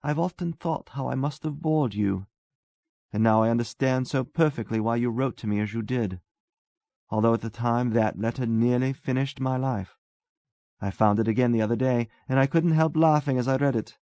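Guy reading as a chatty self-absorbed young man, earnest, a bit gravelly, dry room. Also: mid-range voice, normal speed, dark tone, dry recording, natural voice.

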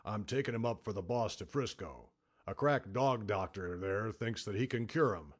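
A gruff, grumbling rough-neck kidnapper, as a man reading an audiobook puts him on. His voice sits low and a little apart from the narration, sour and surly in the telling of a storybook. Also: normal speed, close to an everyday voice. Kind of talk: audiobook character voice.

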